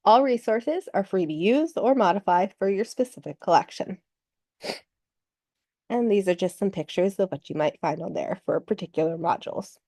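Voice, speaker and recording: A woman presenting slides in a webinar, explaining in a measured way, with a slight cough that makes her clear her throat. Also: mid-range voice, lively intonation, warm tone, dry recording.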